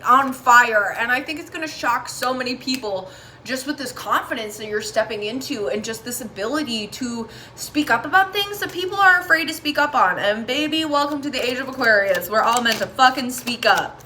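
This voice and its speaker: Bright-voiced woman doing a tarot reading. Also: a little high, animated, moderate pace, a little hiss or hum. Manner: candid, swears freely, chatty; talks straight to viewers, encouraging. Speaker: tarot reader.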